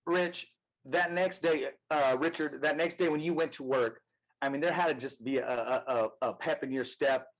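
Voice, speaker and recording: A man's voice: medium pitch, steady tone, normal speed, low-quality recording. A man hosting a podcast, asking friendly, encouraging questions in casual interview talk. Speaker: podcast host.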